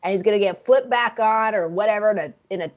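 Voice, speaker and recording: A woman co-hosting a casual film review chat, frank and profane, speaking in an animated way. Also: mid-range voice, fast talker, muffled recording. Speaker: podcast co-host.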